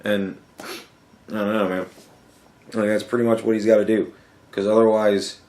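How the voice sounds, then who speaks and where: In an echoey room, a young man hosts a podcast and launches into a sarcastic rant packed with swearing. His voice sits on the low side, a little mellow, with flat delivery at a normal speed.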